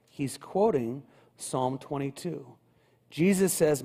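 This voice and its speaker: A male pastor preaching a sermon in a church, building rhythm through repeated phrases and swinging between quiet and loud. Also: mid-range voice, a little slow. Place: church sanctuary. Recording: long hall reverb.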